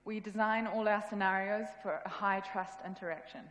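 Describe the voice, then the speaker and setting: A woman's voice: medium pitch, steady tone, moderate pace, fairly bright tone. A woman with a New Zealand accent giving a casual, self-deprecating conference talk. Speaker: conference speaker. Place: event hall. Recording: echoey hall with long reverb.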